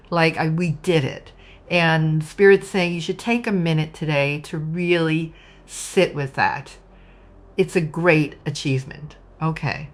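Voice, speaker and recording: Gushing low-voiced woman reading tarot. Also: a little slow. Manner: warm, gushing, emotional, addresses viewers as "you guys". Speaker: tarot reader. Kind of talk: casual tarot reading monologue.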